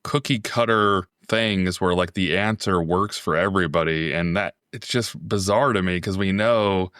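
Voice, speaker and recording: Smooth low-voiced man host. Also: moderate pace, a bit bright, no room sound, clean studio sound. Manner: friendly, upbeat questioner. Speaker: podcast host. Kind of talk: casual interview talk.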